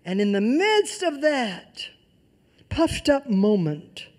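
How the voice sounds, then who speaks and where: Preacher, mid-pitched, mellow tone, sermon with emphatic repetition and soft asides. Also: big pitch swings, takes it slowly. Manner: emphatic repetition of key phrases; swings between loud emphasis and soft near-whispers.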